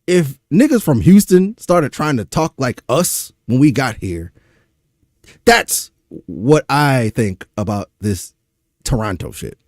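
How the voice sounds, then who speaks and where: A man's voice: medium pitch, animated, slow, a little mellow, dry recording, clean studio sound. A young man from Louisiana with a Louisiana accent, exasperated and profane, ranting through a reaction stream. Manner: exasperated, profane, rhetorical questions.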